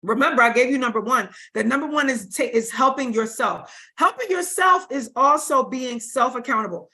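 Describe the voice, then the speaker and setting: A high, bright woman's voice giving a spiritual talk on a livestream. She speaks in loose, casual vernacular and leans on repetition to drive her points home. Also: animated, moderate pace, few pauses. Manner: informal, emphatic, repeats for stress. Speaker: spiritual teacher.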